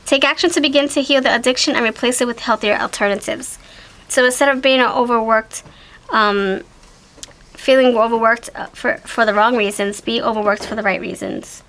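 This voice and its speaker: A woman giving a casual tarot reading to her viewers, chatty and animated, with quick exclamations and frequent self-corrections. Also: on the high side, rough recording. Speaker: tarot reader.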